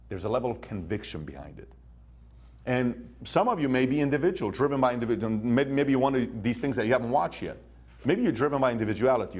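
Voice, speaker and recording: Guy with a low husky voice doing a punchy motivational talk, keeps asking the room questions. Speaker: motivational speaker.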